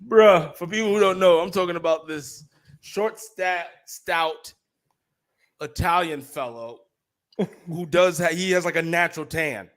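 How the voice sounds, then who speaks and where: A man co-hosting a podcast in casual chat, telling stories loudly and swearing a lot. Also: on the high side, a little slow. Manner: loud, animated storytelling, swears a lot. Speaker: podcast co-host.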